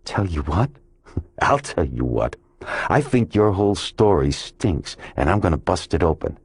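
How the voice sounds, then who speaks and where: A man's voice: sits low, very animated, measured pace, a little mellow, slightly rough, exaggerated voice. A male audiobook narrator voicing a bullying male police detective who taunts and mocks in a sneering way. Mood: taunting. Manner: sneering and mocking.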